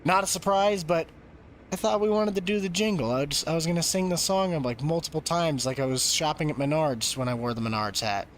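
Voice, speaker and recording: A man's voice: on the high side, fairly quick, slight background noise. A man streaming a game live, chatting casually and answering questions from chat.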